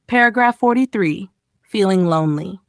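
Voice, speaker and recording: A woman's voice: animated, moderate pace, no room sound, clean studio sound. A woman reading short emotional stories for English learners, giving each quoted line its own feeling. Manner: reads paragraph titles, then acts out quoted lines with raised pitch. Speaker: English lesson reader. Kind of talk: expressive story reading.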